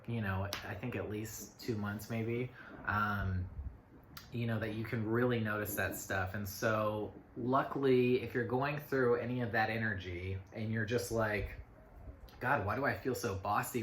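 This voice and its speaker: A man talks through a weekend astrology forecast in a loose, rambling way, stopping often on fillers and side remarks. His voice is bright and forward. The room around him rings with echo under a faint hiss. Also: fairly low pitch. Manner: rambling, full of fillers and self-asides. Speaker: astrology reader. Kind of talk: casual spoken forecast. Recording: echoey room with faint noise.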